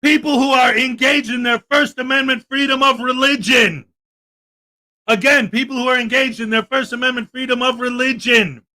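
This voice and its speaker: A man's voice: very high-pitched, fairly even intonation, moderate pace, sharp tone. A man hosting a livestream, delivering sarcastic, indignant commentary and firing back at chat comments. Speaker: livestream host.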